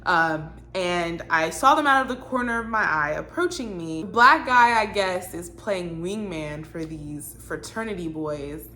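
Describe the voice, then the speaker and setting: A woman telling a storytime vlog in a blunt, animated, exasperated way. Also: on the low side, a little slow, few pauses. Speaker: vlogger.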